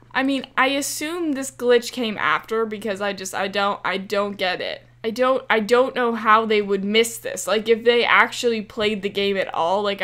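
A woman's voice: a little high, a bit bright. A young woman giving casual, chatty commentary over her gameplay, often exasperated and talking back to the game's characters. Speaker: gaming creator.

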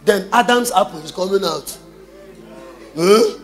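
A man with a Nigerian accent preaching a sermon, full of rhetorical questions and sudden shouted bursts. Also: sits high, measured pace, soft background music. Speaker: pastor.

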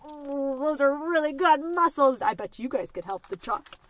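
A woman librarian leading a children's story time, reading a picture book and counting and singing in an animated, sing-song way for young kids. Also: high-pitched, normal speed.

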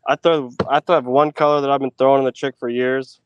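A man's voice: mid-range voice, level tone, fast, clear, resonant tone, dry recording, muffled recording. A man who is a guest on a fishing podcast, talking in an easygoing way with frequent hesitations. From United States. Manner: easygoing, hesitant, lots of ums and restarts. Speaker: podcast guest, tournament angler. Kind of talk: casual podcast chat.

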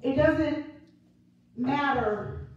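A woman preaches in a high voice, repeating her lines in a rhythmic call and lifting them into near-song. She speaks slowly and deliberately. The sound is distant and dull, with a heavy echo from a large hall. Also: slight background noise. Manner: rhythmic call-and-response preaching, rising into sung phrases. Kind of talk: sermon.

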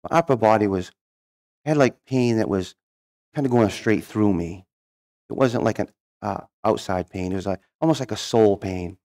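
A man's voice: on the low side, normal speed, a little mellow. A man with a cold, telling a folksy joke and his personal testimony at church. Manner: folksy storyteller. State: has a cold.

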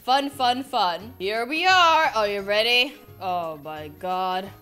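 A gaming YouTuber voices a fed-up mom turned into a monster in a game role-play, speaking dramatically and with exasperation and often repeating herself. Her mid-range voice is expressive, slow, bright and forceful, with a clean tone and faint music in the background.

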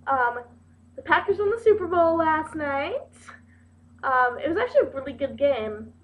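A young woman talking to camera in a casual vlog, playful, giggly and quick to poke fun at herself. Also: very high voice, sing-song, slight background noise. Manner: giggly, playful and self-mocking. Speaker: video blogger. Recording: dull lo-fi webcam audio.

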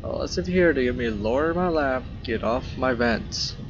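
A man's voice: mid-range voice, expressive, normal speed, dull audio, background noise. A man casually commentating while he plays a horror game, rambling and joking as he talks back at the characters on screen. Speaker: gaming video host. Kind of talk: casual let's play commentary. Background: game music.

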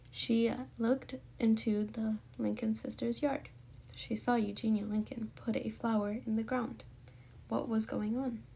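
Husky, gravelly woman reading a storybook. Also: a little high, mellow. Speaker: storybook reader. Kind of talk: children's book read-aloud.

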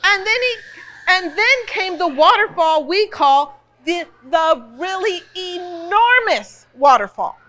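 Expressive woman reading a storybook. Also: very high voice, slow pace. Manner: playful, expressive, chatty asides. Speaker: library storytime reader. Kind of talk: reading a picture book aloud.

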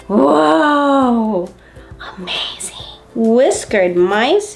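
A woman's voice: fairly high pitch, very animated, takes it slowly, soft background music. A woman hosting a story time, reading a picture book aloud to preschoolers in a playful, coaxing way, with gasps and questions for the children.

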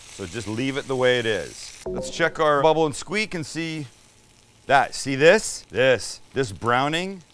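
In a home kitchen, a Canadian cooking show host runs a relaxed demonstration, talking eagerly and letting the occasional curse word slip. His voice is mid-range and a bit bright, with a little noise in the background.

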